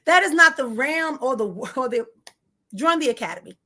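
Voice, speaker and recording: A woman with a somewhat high voice leads a live spiritual teaching. She talks directly and informally to her listeners, driving home her points by repeating them. She gets heated and quickens her pace as she goes. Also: animated, bright, forceful tone. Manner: emphatic, repeats key phrases.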